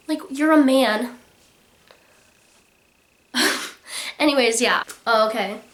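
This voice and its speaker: Young woman, casual chat, slightly high pitch, filler-heavy, home vlog. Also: a bit bright. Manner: chatty, lots of "like" fillers. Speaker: book vlogger. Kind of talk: casual ranting book reviews.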